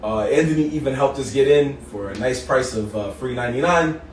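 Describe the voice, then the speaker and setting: Animated New man telling a story. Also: mid-range voice, brisk. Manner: animated storyteller acting out quotes. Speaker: podcast co-host. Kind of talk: casual storytelling chat. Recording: roomy, distant mic with faint noise.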